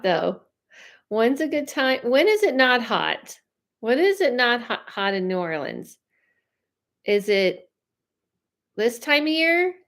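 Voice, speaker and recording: A woman who works as a psychic medium, chatting casually and giving quick readings to viewers on a livestream, in a rambling, talkative way. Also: on the high side, fairly bright tone.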